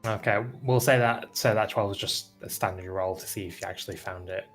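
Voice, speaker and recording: A man narrating as game master in a tabletop game, relaxed with many fillers. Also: on the low side, a little fast, soft background music.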